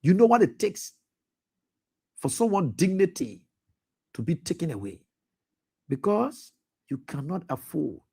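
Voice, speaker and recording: A man's voice: on the high side, very animated, unhurried, creaky, long pauses, mellow, slightly rough. A man hosting a radio talk show, delivering impassioned, accusatory political commentary with repeated pointed questions. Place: radio studio.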